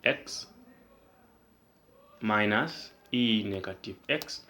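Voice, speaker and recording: A man's voice: on the low side, expressive, very slow, sharp tone. A man tutoring math, explaining each step and prompting with questions. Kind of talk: whiteboard math lesson.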